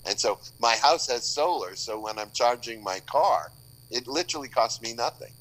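A bright-toned older man from Boston talks in a loose, rambling way, full of restarts and quick jokes. He chats casually as a guest on a remote call. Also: medium pitch, lively intonation, rough recording. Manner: rambling, joking, many restarts. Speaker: author guest. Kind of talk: casual podcast chat.

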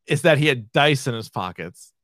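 A man's voice: medium pitch, animated, moderate pace, a bit bright, dry recording, studio quality. A man co-hosting a podcast, chatting casually and swearing as he ranks comedy sketches. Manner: laid-back, swearing, laughs often. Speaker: podcast co-host.

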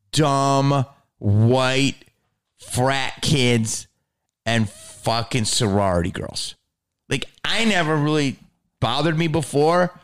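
A man delivering a heated, profane ranting monologue, swinging between low growls and high outbursts.

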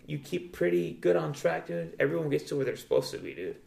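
A man's voice: fairly high pitch, very animated, a little fast, gravelly, darkish tone. A young man talking in a casual, rambling way, swearing a lot and saying "dude" often. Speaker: guest. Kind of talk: casual chat. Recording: echoey room.

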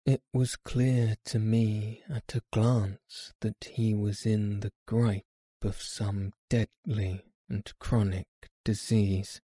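A man narrating a classic story in a slow, measured audiobook reading. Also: on the low side, little pitch movement, dark tone, slightly rough, dry recording, clean studio sound.

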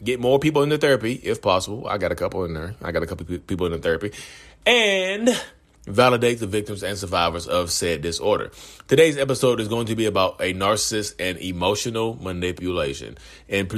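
A lower-pitched man talking casually to camera as a vlog host. He rambles, circles back and restarts often, and keeps turning to address his viewers directly. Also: fairly bright tone. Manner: rambling, conversational, frequent restarts and asides to viewers.

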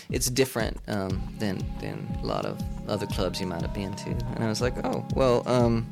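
A man from Boston, a radio reporter, telling a long anecdote in a casual, lively way and acting out other people's lines in a higher voice. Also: normal speed, vocal fry, hardly any pauses, over music. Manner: animated, acts out quoted voices in falsetto. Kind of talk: storytelling anecdote.

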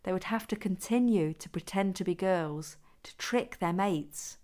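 A woman who is the author, reading her own adult story aloud in a steady, even manner. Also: fairly low pitch, measured pace. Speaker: author and narrator.

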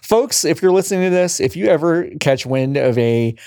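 A man's voice: a little high, lively intonation, moderate pace, darkish tone, no room sound. Casual man hosting a podcast, dry sound. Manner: rambling, filler-heavy, playful teasing. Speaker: podcast host. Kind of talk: casual podcast sign-off chat.

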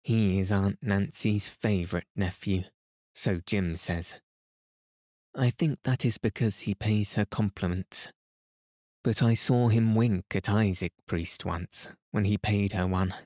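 A man reading a classic novel aloud as a calm bedtime story, gentle and even. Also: fairly low pitch, slow pace, no echo, studio quality. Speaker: podcast reader.

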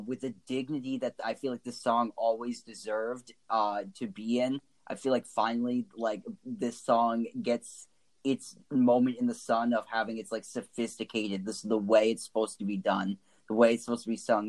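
A man's voice: mid-range voice, little pitch movement, moderate pace, rough recording. A man co-hosting a casual music chat, talking enthusiastically and emotionally, with lots of likes and ums. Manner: enthusiastic, emotional, many fillers. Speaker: podcast co-host.

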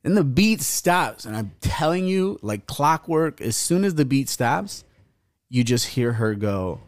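Young male podcast host, profane and rambling, lively swooping delivery, dry close sound. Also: medium pitch, a little slow, dry recording. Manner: rambling, profane, acts out quoted voices. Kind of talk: casual storytelling. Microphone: podcast mic.

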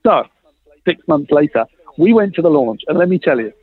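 Lively husky man on a tinny line. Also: a little high, brisk, no echo. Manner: lively, acts out quoted dialogue, laughs often. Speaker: guest telling a story. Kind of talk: animated storytelling in a chat. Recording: tinny phone-like line, dry.

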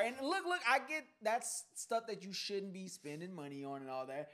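A young man co-hosts a casual chat, spinning playful stories. His voice swings widely in pitch as he gets animated. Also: moderate pace, few pauses. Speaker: podcast co-host.

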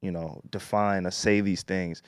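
A man around thirty speaks with a lowish, even voice in casual podcast talk. He builds his points carefully and often checks that the listener follows. The recording is dry and close. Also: dry recording. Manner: measured, asks "you get what I'm saying?". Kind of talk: casual chat.

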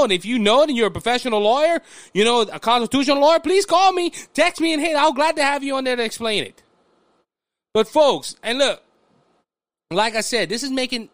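A man with a Louisiana Southern accent hosting an opinion podcast monologue, animated and restless, often restarting his sentences. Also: very high-pitched, no room sound. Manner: animated, restless, frequent restarts and mock voices. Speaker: podcast host.

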